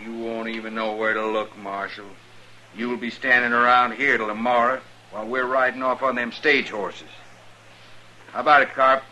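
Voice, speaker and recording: A sly, drawling prisoner. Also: male voice, medium pitch, steady tone, moderate pace, sharp tone, slight background noise, poor audio. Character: wily prisoner turned ally, sly drawl. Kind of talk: 1950s radio western acting.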